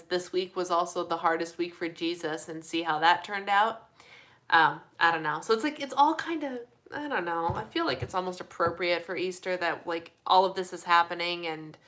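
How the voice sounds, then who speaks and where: A young woman chatting casually on a live stream, reading viewer comments, animated and full of fillers like "like". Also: on the low side. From Midwestern United States. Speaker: host of a live community chat.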